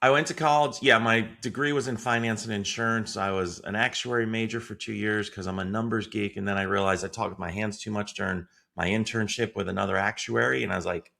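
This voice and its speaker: A man's voice: fairly low pitch, fairly even intonation, a little fast, vocal fry, few pauses, bright, forceful tone. A man from Connecticut, a guest on a podcast, talking casually and animatedly about his career, laughing easily. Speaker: guest, sales consultant. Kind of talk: casual interview chat.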